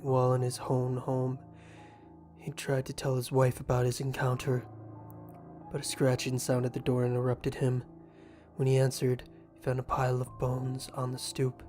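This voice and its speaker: Man narrating horror flatly. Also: mid-range voice.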